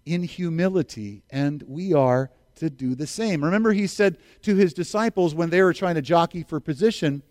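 Middle-aged male pastor with a high voice, dry and close; earnest preacher who repeats his key lines. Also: animated, normal speed, hardly any pauses, darkish tone, no echo. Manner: earnest, repeats key phrases, asks congregation to respond. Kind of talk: sermon.

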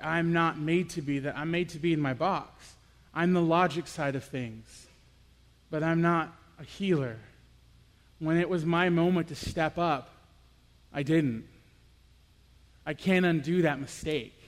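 A young man giving a personal, confessional sermon as a youth pastor, moving between quiet reflection and animated storytelling. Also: a little high, a little slow, long pauses, big-room sound.

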